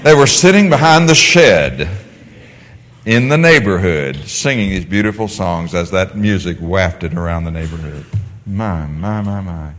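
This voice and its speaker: A man teaching a Bible class in a lively, sing-song voice that climbs and dips. He keeps firing questions at the class and answering them himself. His voice rings through a large hall with a long echo. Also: low voice, measured pace.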